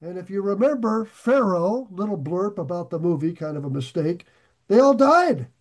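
Guy preaching a sermon, fairly high voice, chatty asides, slows way down and leans on the big points. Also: darkish tone. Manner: emphatic, slows and rises to stress key phrases; conversational asides to listeners. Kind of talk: sermon on scripture.

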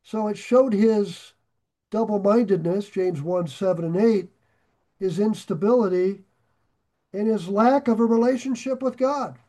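A man's voice: high voice, measured pace, dark tone. A man leading a Bible study, telling a rambling story with chuckles. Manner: rambling, chuckling anecdote teller. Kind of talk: casual storytelling.

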